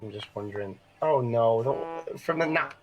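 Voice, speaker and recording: A man's voice: medium pitch, moderate pace, dull audio, background noise. A man playing a tabletop role-playing game who talks hesitantly and restarts his sentences. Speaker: player.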